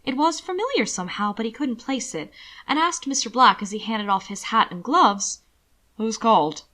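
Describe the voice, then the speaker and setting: A woman reading fiction aloud as narrator, with steady, expressive storytelling. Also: fairly high pitch, normal speed. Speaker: audiobook narrator.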